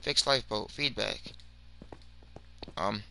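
Gravelly young man rambling over gameplay. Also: fairly low pitch, takes it slowly, slight background noise. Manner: slangy, rambling, swings from mumbling to shouting. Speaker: gaming video creator. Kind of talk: casual gameplay commentary.

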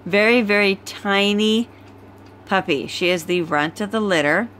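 Slow-talking tired woman on a phone recording. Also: medium pitch, a bit bright, slight background noise. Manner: slow, easygoing, chatty. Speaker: dog breeder. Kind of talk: casual puppy litter presentation.

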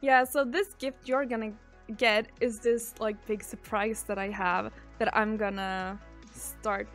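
A woman's voice: medium pitch, steady tone, a little slow, fairly bright tone, soft background music. A woman streamer, casually chatting and reading out viewer messages. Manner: chatty, reads out viewer messages and answers them. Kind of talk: casual live-stream chat.

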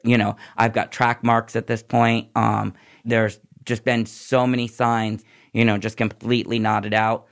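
His voice sits on the low side and sounds gravelly, level in tone and a little slow. As a podcast guest, the former nurse candidly pours out his recovery story in tumbling, run-on fashion.

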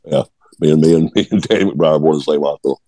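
A man's voice: a bass voice, rapid-fire, dark tone, no echo. A man in his forties from Georgia, a former ballplayer telling blunt, profane stories as a guest in a casual interview. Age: 40s. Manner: blunt, profane, repeats words when restarting. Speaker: guest, former baseball player.

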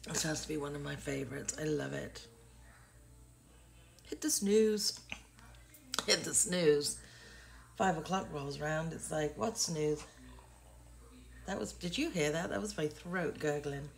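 A woman's voice: low-pitched, steady tone, moderate pace, creaky. An English woman in her sixties, chatting casually and rambling in a self-deprecating way to her vlog camera. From England. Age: 60s. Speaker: vlogger.

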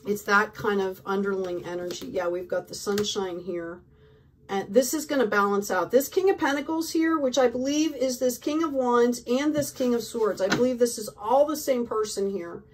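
A woman's voice: on the high side, normal speed, far from the mic, a little hiss or hum. A woman giving a casual tarot reading, talking effusively and peppering her speech with "like", "right?" and "okay?". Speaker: tarot reader.

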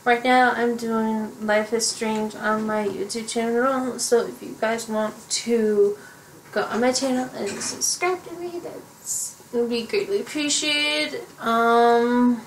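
A woman's voice: fairly high pitch, fairly even intonation, takes it slowly, reverberant, slight background noise, rough recording. A young woman in a casual podcast chat, sassy but drowsy and yawning from lack of sleep. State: tired, yawning. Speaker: podcast guest, gamer.

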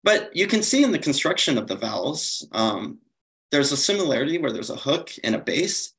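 A man's voice: medium pitch, sing-song, moderate pace, a bit bright, low-quality recording. A man giving a slide-based conference lecture, explaining steadily with occasional fillers and self-corrections. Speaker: conference presenter.

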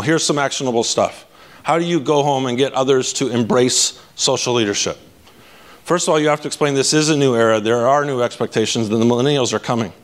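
A man speaking from a conference stage, energetic, casual and blunt, often asking the audience "right?". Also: medium pitch. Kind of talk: live keynote talk.

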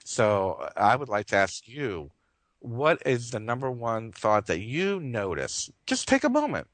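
A man's voice: medium pitch, big pitch swings, unhurried, a bit bright, no echo, poor audio. A man hosting a live radio talk show, talking earnestly and rambling, with frequent restarts and chuckles.

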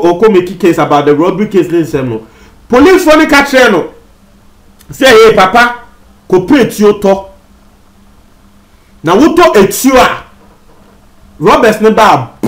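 A man with a Ghanaian accent giving commentary on a news story as a TV presenter, mixing Twi with English and speaking straight to viewers. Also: high voice. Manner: addresses viewers directly. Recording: roomy echo.

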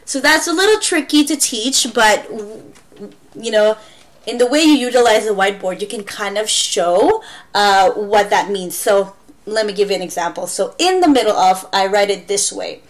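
A woman's voice: mid-range voice, moderate pace. A woman who teaches English online, giving a chatty how-to tutorial with playful demonstrations. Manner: chatty, demonstrates with exaggerated gasps and wows.

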